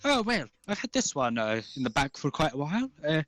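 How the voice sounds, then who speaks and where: A man voicing a small male gnome bookseller in a high, chirpy, folksy voice. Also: sing-song, fairly quick, fairly bright tone.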